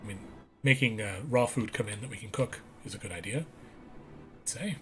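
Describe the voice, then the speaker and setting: Over music, a man with a lowish voice talks a little fast while doing casual gameplay commentary as a let's play gamer. He reads the on-screen text aloud and corrects himself along the way.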